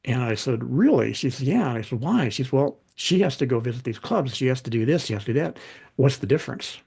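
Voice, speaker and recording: A middle-aged man, a podcast guest and author, talking in a relaxed, conversational way and acting out the voices in his anecdotes. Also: mid-range voice, quick pace, vocal fry, breathy edge. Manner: animated anecdotes, acts out quoted dialogue. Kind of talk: conversational storytelling.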